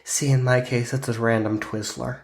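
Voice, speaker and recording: Congested podcast host in an echoey room. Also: male voice, medium pitch, flat delivery, moderate pace. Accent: Pittsburgh. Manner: joking, profane, casual banter. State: congested with a sinus cold. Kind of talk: casual chat.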